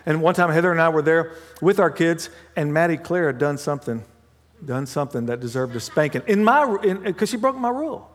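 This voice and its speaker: A man preaching a sermon as pastor, mixing humorous family stories with hushed prayer. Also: on the high side, animated, a little fast. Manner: dramatic swings from loud to hushed prayer; humorous storytelling with laughs. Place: church sanctuary. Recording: long hall reverb.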